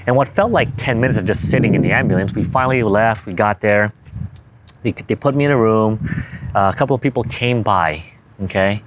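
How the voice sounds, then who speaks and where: A young man with a lowish voice tells a personal story in a loose, rambling way, stopping to correct himself and acting out what he and others said. Steady background noise sits under the recording. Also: a little fast. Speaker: physical therapist. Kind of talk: casual storytelling to camera.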